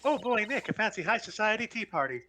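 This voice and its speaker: A man voicing a cheerful, excitable young woman in a video game, talking eagerly and bubbly. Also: sits high, fast talker, slight background noise, voice pushed up, heavily acted. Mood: excited.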